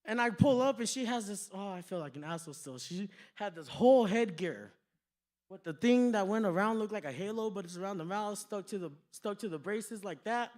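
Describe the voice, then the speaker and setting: A man's voice: high voice, animated, a little fast, a little mellow. A man doing stand-up in a comedy club, telling rambling, profane stories. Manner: profane, rambling, slips into quoted voices. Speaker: stand-up comic. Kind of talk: stand-up storytelling.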